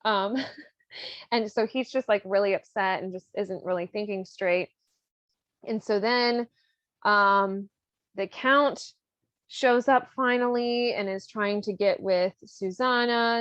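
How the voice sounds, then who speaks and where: A woman hosting a podcast, casually retelling an opera plot in a rambling way, full of fillers and quick laughs. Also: medium pitch, fairly bright tone, dry recording, muffled recording. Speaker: podcast host.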